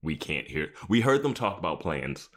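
A man with a deep voice co-hosts a podcast in a relaxed, chatty way. His intonation rises and falls widely, and he keeps breaking into amused laughter. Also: normal speed. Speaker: podcast co-host. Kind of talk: casual chat recapping a TV episode.

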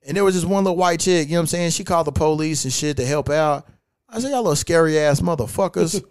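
High-voiced man telling profane stories. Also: fast, smooth, dry recording, clean studio sound. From California. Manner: profane, animated storytelling with acted-out quotes. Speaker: podcast host. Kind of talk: casual podcast chat.

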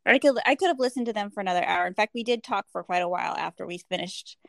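A woman's voice: medium pitch, quick pace, gravelly, no echo, studio quality. A woman co-hosting a podcast, chatting casually and laughing often. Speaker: podcast co-host. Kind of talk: casual chat.

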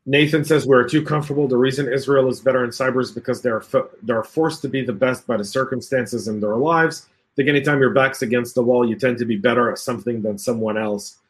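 A man's voice: mid-range voice, steady tone, fairly quick, hardly any pauses. A man hosting a casual cybersecurity panel chat, reading out comments, joking and laughing often, with lots of fillers.

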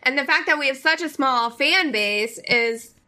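A woman with a high, bright voice joins a casual sports podcast as co-host. She chimes in with short remarks and agrees with the main host. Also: expressive, moderate pace. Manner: agreeing, chiming in.

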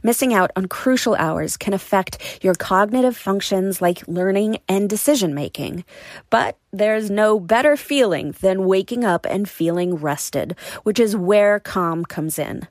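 A woman giving a smooth, promotional scripted ad read. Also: medium pitch, lively intonation, measured pace, no echo. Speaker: ad reader.

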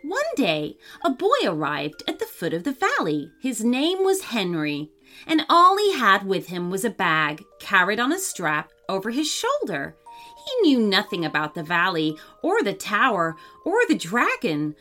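A woman reading a children's story aloud as scripted narration, in an expressive storytelling manner. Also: medium pitch, measured pace. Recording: faint music under the voice.

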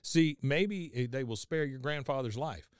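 A man's voice: medium pitch, normal speed, smooth, no echo, studio quality, lightly acted. A man voicing a middle-aged father who pleads in an earnest, exasperated way. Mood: pleading.

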